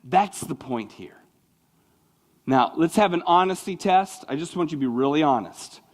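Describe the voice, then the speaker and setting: A male pastor preaching with a lively, swooping voice that sits a bit high for a man. He talks conversationally, tosses in mocking asides, and goes quiet and slow when he lands a point. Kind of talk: sermon.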